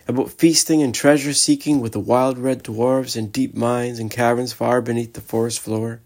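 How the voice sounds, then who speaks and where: A man narrating a storybook in a measured, expressive way. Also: medium pitch. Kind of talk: storybook reading.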